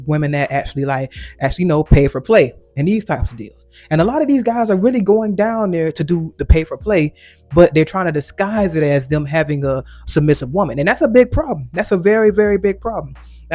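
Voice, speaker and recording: A man's voice: a little high, darkish tone, no echo. A man hosting his own channel, giving a casual opinion monologue that rambles with frequent restarts and quoted asides. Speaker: commentary channel host.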